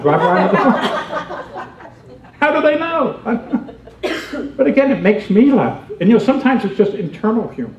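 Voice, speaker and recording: A man's voice: high-pitched, fairly quick, a crowd in the background. Chatty man joking in an echoey room. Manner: animated, chatty, laughs often, acts out little scenes. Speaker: comedy seminar speaker. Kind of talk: humorous seminar talk to a live audience. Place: seminar room. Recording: roomy, muffled, distant hall recording.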